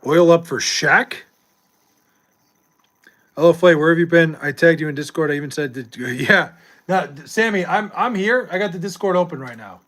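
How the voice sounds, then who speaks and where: A man's voice: a little high, fairly quick, fairly bright tone. A young adult man streaming live, chatting casually with viewers and reading chat, loose and profane with frequent laughs.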